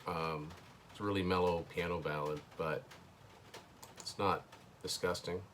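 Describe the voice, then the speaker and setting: A man with a very low voice talks through an album as he hears it, thinking aloud. His delivery is casual and hesitant, with dry little asides, and a faint hum sits behind him in a home room. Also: steady tone, measured pace, fairly bright tone. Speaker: host. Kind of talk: casual first-listen album commentary. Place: indoors at home.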